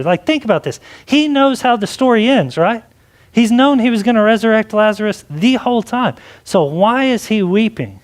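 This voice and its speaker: A man's voice: sits high, lively intonation, moderate pace. A man preaching a sermon as pastor, in a conversational way with frequent "like" and questions. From Texas. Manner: conversational preaching with many likes.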